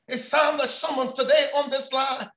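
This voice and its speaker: A man preaching a sermon on a prayer line, shouting often and repeating his phrases. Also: extremely high pitch, little pitch movement, moderate pace. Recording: echoey room sound.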